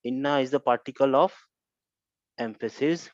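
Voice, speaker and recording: A man's voice: a little high, lively intonation, a little slow, no room sound. Man teacher, earnest and repetitive, dry lo-fi online-class sound. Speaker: Arabic grammar teacher.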